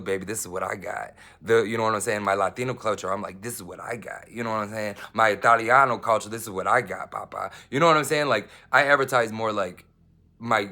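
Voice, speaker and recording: A man delivers a rambling personal monologue in a lowish voice, halting often with restarts and fillers. He swings between emphatic outbursts and hushed asides.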